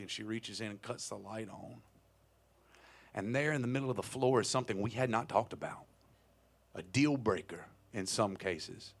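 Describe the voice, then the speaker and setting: A man in his thirties telling a wry, profane story onstage between songs at a small live music venue, into a stage vocal mic. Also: lowish voice. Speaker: touring singer-songwriter telling a story on stage.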